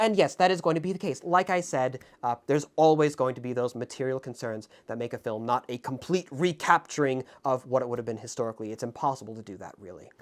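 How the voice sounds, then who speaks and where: Earnest, halting man reviewing a film. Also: mid-range voice. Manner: reflective, halting with many fillers and restarts; earnest, openly moved. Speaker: film review channel host. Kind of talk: casual spoken film commentary to camera. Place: indoors in front of a camera.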